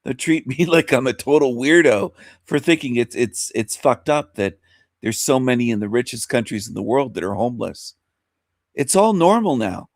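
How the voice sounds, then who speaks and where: A man's voice: mid-range voice, lively intonation, normal speed, dry recording, studio quality. A man hosting a talk radio show, rambling through an opinionated monologue and repeating himself with rhetorical questions.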